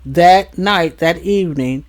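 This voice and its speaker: A reaction channel host recapping a story in a measured way, with frequent fillers like um and uh. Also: mid-range voice. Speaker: reaction commentator. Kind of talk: reaction commentary.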